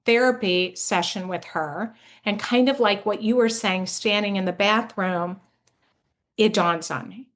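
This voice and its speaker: A woman's voice: medium pitch, unhurried, a bit bright. A middle-aged woman hosting a parenting podcast, chatting enthusiastically and affirming her guest, with lots of fillers and restarts. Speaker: podcast host. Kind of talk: conversational interview.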